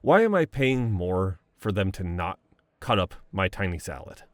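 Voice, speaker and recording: A man's voice: sits low, sing-song, normal speed, dry recording, studio quality. A young man playing a boyfriend in a romantic voicemail role-play, reminiscing fondly, laughing often and swearing casually.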